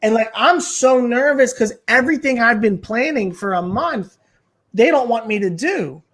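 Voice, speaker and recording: A man's voice: very high-pitched, animated, normal speed, fairly bright tone. A man, a stand-up comedian and podcast guest, telling a story in casual, rambling, profane chat full of filler words.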